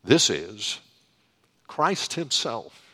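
A man preaching a sermon, slow and deliberate, with dramatic pauses. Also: medium pitch, big pitch swings, sharp tone, husky. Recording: long reverb of a hall.

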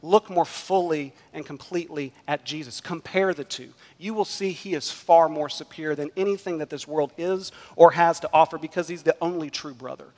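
Male pastor, slightly high voice, emphatic sermon delivery, long hall reverb. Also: moderate pace, hardly any pauses, a little mellow. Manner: emphatic preaching, rising and dropping in volume.

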